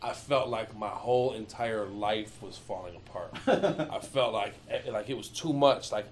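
Swearing constantly, this Michigan man animatedly spins stories in relaxed conversation and acts out other people's quotes. He talks at a moderate pace in a fairly low voice, with a little hiss or hum in the audio.

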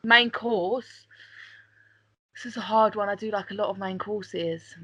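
A woman's voice: mid-range voice, fairly even intonation, measured pace, a bit bright, breathy edge, no room sound. A woman co-hosting a podcast, chatting casually with friends, rambling and giggly, swearing now and then. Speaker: podcast co-host. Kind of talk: casual banter. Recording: dull lo-fi sound.

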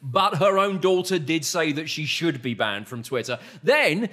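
A man's voice: a little high, measured pace. A man co-hosting a podcast, telling anecdotes in casual chat and acting out quoted lines. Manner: animated anecdotes with put-on quotes. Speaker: podcast co-host.

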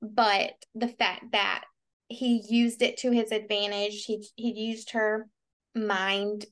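A woman's voice: medium pitch, little pitch movement, takes it slowly, fairly bright tone. A woman co-hosting a book podcast, talking casually and with strong opinions, often saying "like". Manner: opinionated, frequent "like" fillers. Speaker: podcast co-host.

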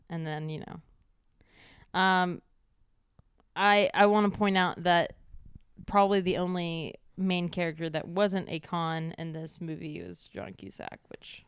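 A woman from Tennessee talks over a film in a casual podcast chat, blunt about what she dislikes. Her voice is smooth and clear. The sound is dry and close. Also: fairly low pitch, steady tone, measured pace, no echo. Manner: opinionated, candid about likes and dislikes. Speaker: podcast co-host.

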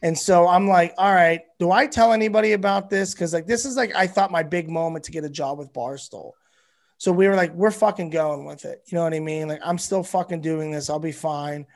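Male comedian guest, high-pitched voice, animated and foul-mouthed storyteller. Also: brisk. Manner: animated, profane, rambling. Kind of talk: casual storytelling.

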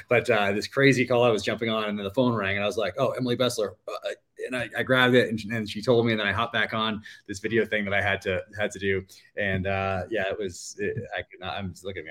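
A man's voice: fairly low pitch, fairly even intonation, quick pace, a bit bright. A middle-aged man, an author guest on a casual podcast interview, telling stories in a rambling way with many fillers.

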